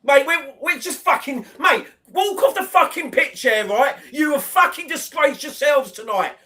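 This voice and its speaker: High-voiced man ranting furiously. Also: expressive, moderate pace, sharp tone. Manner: heated, sweary, repetitive ranting. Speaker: football fan co-host. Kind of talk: angry live match watchalong rant.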